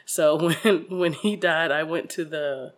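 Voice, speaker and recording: A woman's voice: low-pitched, takes it slowly. A woman comedian in a casual interview, telling stories animatedly and laughing often. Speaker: comedian guest.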